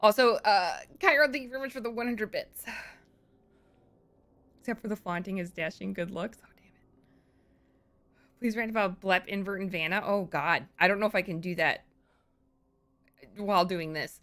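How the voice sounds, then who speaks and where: Woman, streamer, horror game commentary, bright tone, panicky, swearing, repeats lines, whispers. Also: mid-range voice, normal speed, long pauses.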